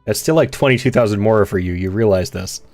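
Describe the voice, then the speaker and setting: A man streaming a video game, chatting in a relaxed, wry way with his viewers. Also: fairly low pitch, fast talker, faint music behind. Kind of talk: casual gaming stream chat.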